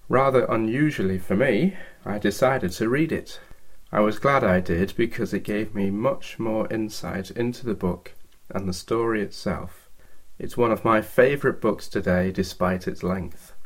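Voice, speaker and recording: A man delivers a scripted Bible teaching talk. He reads at a steady, measured pace, explaining each point carefully. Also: lowish voice.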